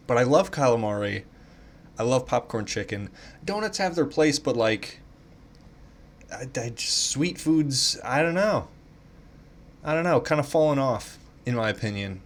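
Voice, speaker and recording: A man taking online quizzes in casual commentary, thinking out loud, swearing freely and playing up mock indignation. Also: mid-range voice.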